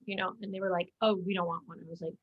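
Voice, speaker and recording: A woman's voice: fairly low pitch, little pitch movement, very fast, slightly rough. Chatty woman with a slightly dull sound. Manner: chatty, many fillers and restarts. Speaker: guest, musical theater actor. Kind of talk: casual interview chat.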